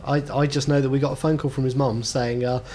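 A man's voice: medium pitch, flat delivery, fast, a little mellow. A man co-hosting a podcast in casual chat, enthusiastic and gushing. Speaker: podcast co-host.

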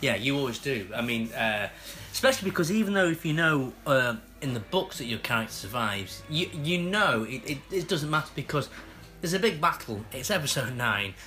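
A man with a Stockport accent, an actor chatting as an interview guest, self-mocking and quick to laugh. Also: mid-range voice, sing-song, pushed and bright, faint music behind. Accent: Stockport, northern English. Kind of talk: casual interview chat.

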